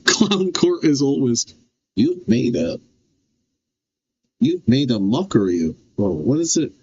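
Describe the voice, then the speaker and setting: A man streaming a game, reading its dialogue aloud and firing off loud, incredulous, swearing reactions. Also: medium pitch, breathy edge, muffled recording.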